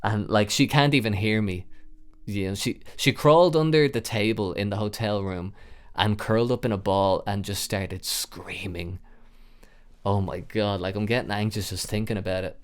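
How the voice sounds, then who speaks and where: A young podcast host in his twenties tells a wild personal story casually, rambling with lots of fillers and swearing, and gets loud and animated at the tense parts. His voice is fairly low and clean, at a moderate pace.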